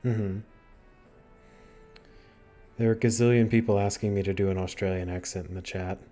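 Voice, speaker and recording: A man's voice: on the low side, fairly even intonation, moderate pace, dark tone, soft background music. A man hosting a livestream interview, chatty and self-deprecating with playful asides. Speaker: livestream host. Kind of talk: casual interview chat.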